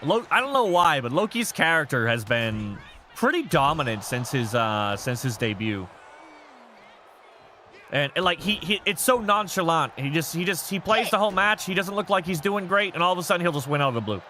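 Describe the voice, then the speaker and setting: A man hosting a live game stream, chatting off the cuff and reading messages from chat. His voice is high, bright and very animated, jumping up at every big moment in the match. Soft music plays in the background. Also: moderate pace, a little hiss or hum.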